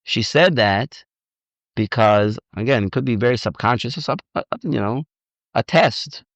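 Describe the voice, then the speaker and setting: A man giving an informal lecture as a rabbi, animated and repetitive, often acting out little dialogues, on a dull, dry recording. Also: medium pitch, normal speed, dry recording. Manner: animated, repeats words, acts out dialogue. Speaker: rabbi teaching on marriage. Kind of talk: informal lecture with audience questions.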